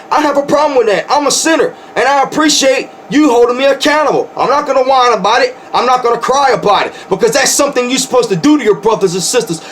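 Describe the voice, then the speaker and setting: A man's voice: very high-pitched, a little hiss or hum. A man preaching informally as a pastor, fervent and rambling, often repeating words when he gets worked up. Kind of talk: informal preaching to an online audience.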